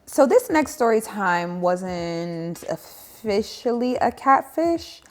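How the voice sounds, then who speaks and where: A young adult woman telling a dating story in a casual vlog, animated and sarcastic with emphatic asides. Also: on the low side, a little slow.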